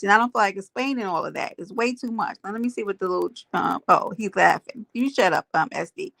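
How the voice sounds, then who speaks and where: A woman's voice: medium pitch, creaky, fairly bright tone, dry recording. A woman hosting a casual livestream, greeting viewers by name and making emphatic points to her chat. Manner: emphatic, preachy asides. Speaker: livestream host.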